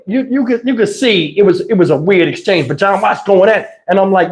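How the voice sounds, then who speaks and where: A man hosting a livestream, telling a wild personal story in an excitable, conversational way. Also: sits high, fairly quick, hardly any pauses. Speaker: channel host.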